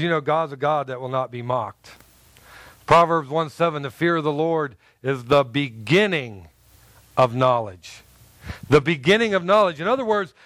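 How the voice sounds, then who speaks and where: A man's voice: on the high side, no echo. A middle-aged man preaching a sermon, telling personal stories with humor and acting out the people in them. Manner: animated storyteller who acts out quotes and jokes with the congregation. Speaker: pastor.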